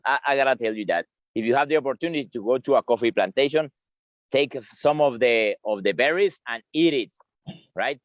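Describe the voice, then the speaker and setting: A man giving a tour guide's outdoor talk on a farm, halting and repeating words as he explains. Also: mid-range voice, lively intonation, no echo. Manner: halting, repeats words, chuckles while eating. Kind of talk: live virtual tour explanation. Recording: dry, slightly dull lo-fi sound.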